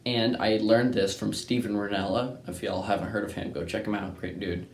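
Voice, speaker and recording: Brief: young guy, lowish voice, loose rambling storyteller, echoey room with faint noise. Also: fairly even intonation, normal speed. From Texas. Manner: rambling, keeps asking "right?" and saying "anyways". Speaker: hunting channel host. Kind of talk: casual storytelling.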